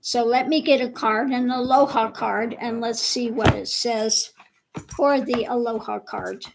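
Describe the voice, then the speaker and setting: A woman hosting a casual livestream chat with viewers, slow and chatty, laughing often, with her voice a bit worn. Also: on the high side, fairly even intonation, creaky, noisy background. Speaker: livestream host.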